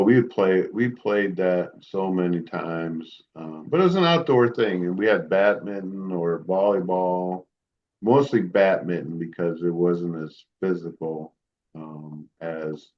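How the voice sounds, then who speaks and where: Low, rambling middle-aged man, lo-fi sound. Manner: rambling, hesitant, many fillers and restarts. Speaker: podcast co-host. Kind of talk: casual chat.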